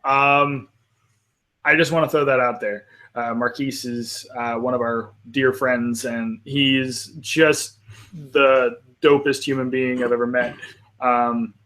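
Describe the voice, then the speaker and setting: A man of middle pitch hosts a casual live panel, friendly and rambling. He talks loosely and warmly to his co-panelists, often pausing on "um" and "uh" before moving on. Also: fairly even intonation. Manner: rambling, friendly, lots of fillers. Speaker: panel host.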